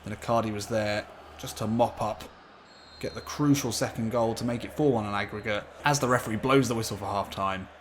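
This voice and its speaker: A man's voice: on the low side, a little fast, slight background noise. Man commentating his football game. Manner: excitable commentary on his own play. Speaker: gaming YouTuber. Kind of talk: gameplay commentary.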